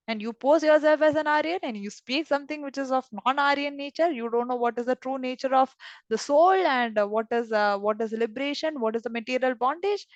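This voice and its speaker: A woman reading from scripture and explaining it in a devotional class, expressive, often laughing and giving everyday examples. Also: high voice, a little fast, no echo, muffled recording. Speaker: scripture reader and teacher.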